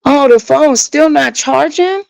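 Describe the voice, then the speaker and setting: Woman streamer, fairly high voice, rambling chat to viewers on a phone mic. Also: a little slow, gravelly, a little mellow, poor audio. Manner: frustrated, rambling, talks straight to viewers. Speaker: livestream host. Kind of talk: casual livestream chat.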